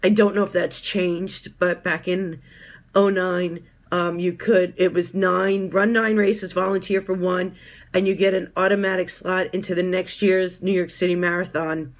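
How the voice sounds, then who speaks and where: A woman in her fifties giving a heartfelt personal testimonial as a fitness coach, halting often with filler ums. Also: on the low side, flat delivery. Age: 50s.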